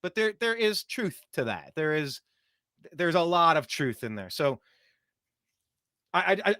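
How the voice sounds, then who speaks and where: A man hosting a talk show rants about clips in a lively, sing-song voice that leaps up and down in pitch. He sits a little high for a man and mocks what he hears, slipping into silly voices. The sound is close and dry, with no room around him. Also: no echo. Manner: animated, mocking, does voices while ranting. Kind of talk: opinionated commentary over clips.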